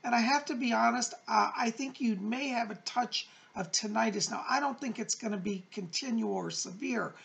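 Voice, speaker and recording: Gravelly-voiced man answering psychic letters. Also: very high-pitched, moderate pace, few pauses. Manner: gentle, reassuring, chatty with fillers. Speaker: psychic medium host. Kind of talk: answering viewer letters on camera.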